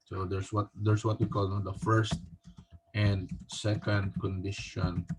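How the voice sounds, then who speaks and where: A male teacher with a Filipino accent giving a recorded physics lecture, halting often and tagging his sentences with a questioning "no?". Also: on the low side, flat delivery, a little hiss or hum. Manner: halting, with frequent restarts.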